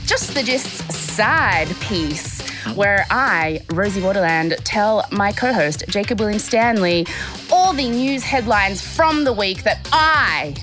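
A woman hosting a podcast in casual chat from a safari tent, giggly and rambling. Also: mid-range voice. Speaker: podcast host.

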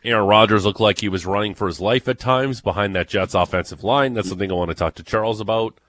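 A man's voice: on the low side, fast, fairly bright tone. A man hosting a sports radio show, chatting casually and reading promos and previews. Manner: upbeat, reads promos and previews.

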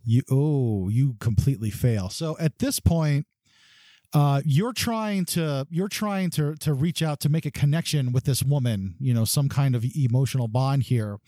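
A man's voice: medium pitch, a little slow, dark tone, dry recording, studio quality. Rambling man running a tabletop game. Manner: loose, rambling narration with many fillers. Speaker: game master.

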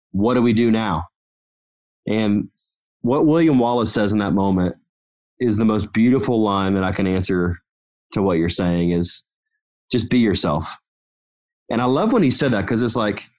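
A man talking as a podcast guest and company founder, telling stories in an energetic, motivational way. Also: fairly low pitch. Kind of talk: casual podcast conversation.

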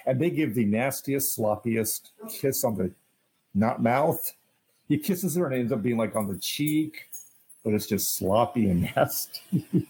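A man's voice: mid-range voice, animated, unhurried, a little mellow, breathy edge, poor audio. A man co-hosting a podcast, casually agreeing and adding to a TV episode recap. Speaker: podcast co-host.

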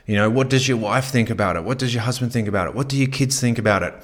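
A man's voice: mid-range voice, rapid-fire. A man hosting a podcast, talking casually with lots of fillers and repeated phrases as he coaches listeners on sales. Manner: conversational, many fillers, repeats himself. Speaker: podcast host.

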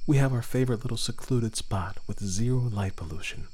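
A man hosting a podcast, reading stories aloud in calm, measured scripted narration. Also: mid-range voice, a little hiss or hum. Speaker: podcast host and story narrator.

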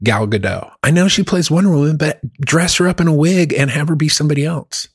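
Guy ranting and cussing in a chill chat, kinda husky, dry close mic. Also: fairly high pitch, fairly quick, dry recording. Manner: profane, ranting, animated. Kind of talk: casual podcast chat.

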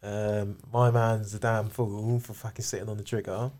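A man's voice: on the low side, little pitch movement, normal speed, darkish tone. A man in casual chat, talking in a laid-back, slangy, sweary way.

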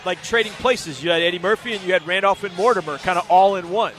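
High-voiced jokey male co-host. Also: fast, fairly bright tone. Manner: jokey, playful. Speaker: radio co-host. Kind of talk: casual radio chat. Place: on location at a bar in London. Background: music.

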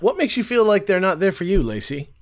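A man voicing a calm hypnotist who prompts his subject with short, steady questions. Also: high-pitched, a little fast, voice pushed up.

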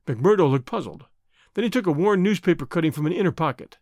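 Expressive male audiobook narrator. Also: on the high side, no echo, clean studio sound. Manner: measured, expressive storytelling.

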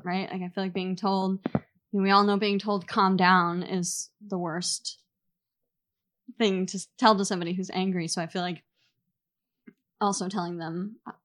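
Panel guest, woman, casual and rambling, mid-pitched. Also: flat delivery, normal speed, long pauses, a bit bright. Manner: thinking aloud, many fillers, laughs.

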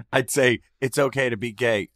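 A man's voice: medium pitch, fairly even intonation, a little slow, fairly bright tone, dry recording, studio quality. A man co-hosting a podcast, speaking earnestly and getting emotional. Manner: earnest and emotional, rising when moved. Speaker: podcast co-host. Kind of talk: casual chat.

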